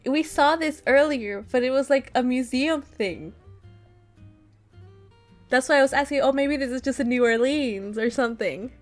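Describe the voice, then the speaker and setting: A young woman streaming a visual novel, reacting with loud disbelief and swearing. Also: high voice, normal speed, faint music behind.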